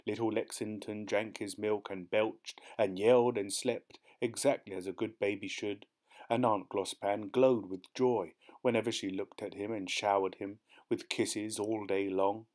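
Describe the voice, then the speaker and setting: Measured man reading a story. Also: on the low side, fairly even intonation, a little mellow. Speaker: audiobook narrator. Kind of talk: scripted audiobook narration.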